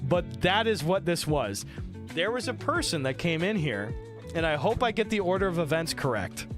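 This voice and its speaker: A man's voice: a little high, moderate pace. A man streaming, telling stories to his chat in a loose, profane, laughing way. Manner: animated, profane, laughing storyteller. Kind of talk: casual storytelling to chat. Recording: music playing behind the voice.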